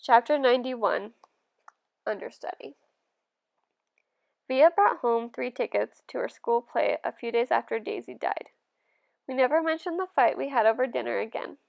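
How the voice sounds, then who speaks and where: Reading a first-person novel aloud, this audiobook narrator keeps a calm, even, gentle delivery at a moderate pace, pausing often. Her voice is somewhat high with a creaky, gravelly edge, and the audio is dull.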